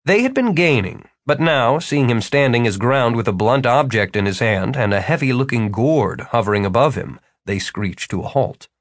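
A male audiobook narrator reading fantasy fiction in a steady, lively storytelling voice. His pitch sits in an ordinary middle range. The sound is dry and close, with no room echo. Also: normal speed, hardly any pauses.

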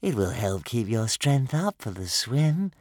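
A man voicing a cheery, motherly female dragon who speaks slowly. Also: medium pitch, big pitch swings, a little mellow, dry recording, studio quality. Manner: slow and cheerful.

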